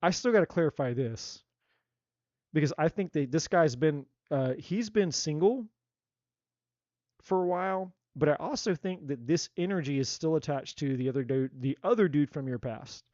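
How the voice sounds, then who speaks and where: A man giving a live tarot reading in a blunt, animated way, swearing freely and acting out what people might say. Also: a little high, normal speed, no room sound, lo-fi sound. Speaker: tarot reader.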